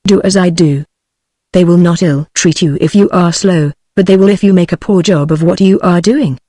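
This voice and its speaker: A text-to-speech British woman's voice reading the lines of a young blonde female cave slave in a storybook, with even, synthetic delivery. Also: on the low side, normal speed, dry recording, clean studio sound, close to an everyday voice. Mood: earnest. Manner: evenly read synthetic delivery.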